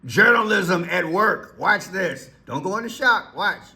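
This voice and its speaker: A man's voice: high-pitched, animated, unhurried, bright, forceful tone, slight background noise. A man giving casual, teasing commentary on news clips, with playful asides. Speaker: commentary vlogger.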